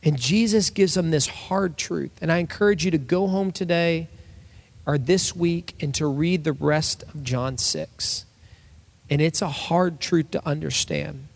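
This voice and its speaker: Gravelly-voiced man preaching a sermon. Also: a little high. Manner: conversational preaching with acted quotes. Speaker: pastor.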